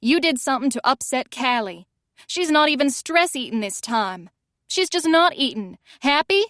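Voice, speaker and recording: A woman's voice: high voice, expressive, normal speed, a bit bright, no echo, clean studio sound, voice pushed up. Woman voicing a sassy, mocking young woman. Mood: indignant. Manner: mocking and dramatic. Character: sassy blunt young woman friend, quick-tongued.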